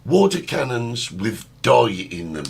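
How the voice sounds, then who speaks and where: A man's voice: medium pitch, sing-song, takes it slowly, creaky, husky. A man co-hosting a casual talk show, reading out viewer comments and giving firm opinions. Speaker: co-host. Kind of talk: casual chat.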